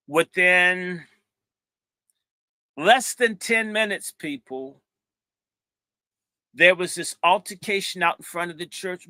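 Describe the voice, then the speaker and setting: A high, strikingly bright male voice, recorded close and dry. He's a middle-aged minister telling a funny, lively story and playing it up for laughs. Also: slow, long pauses, no room sound. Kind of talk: animated storytelling talk.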